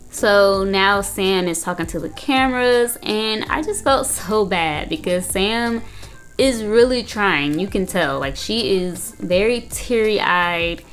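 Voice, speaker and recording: A woman's voice: mid-range voice, a bit bright. A young woman recapping and reacting to a reality show in casual chat, blunt and full of "like" and "you know". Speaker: reaction video host, counseling student.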